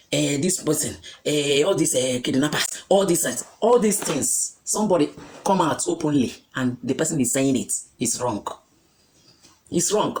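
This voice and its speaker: A woman with a Nigerian accent speaks straight to her followers. Her voice sits a little low but leaps around animatedly, and she drives each point home with repetition and pointed questions. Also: darkish tone. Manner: emphatic, repeats points, rhetorical questions. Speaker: vlogger reacting to news. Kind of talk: opinionated commentary in Pidgin and Igbo.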